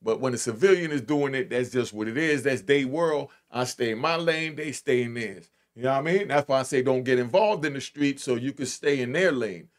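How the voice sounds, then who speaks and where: A man giving casual reaction commentary on played clips, with a blunt, emphatic streetwise way of talking and drawn-out stresses. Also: mid-range voice.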